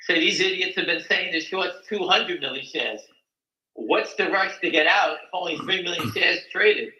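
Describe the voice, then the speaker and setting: A man's voice: fairly high pitch, sharp tone, roomy sound, low-quality recording. An older man hosting a live stock market talk show, blunt, folksy and rambling.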